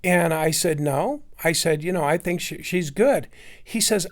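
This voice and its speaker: A man's voice: high-pitched, expressive, normal speed. A middle-aged man rambling through a personal story, acting out what others said. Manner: rambling, with restarts and acted-out quotes. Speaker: storyteller recounting personal experience.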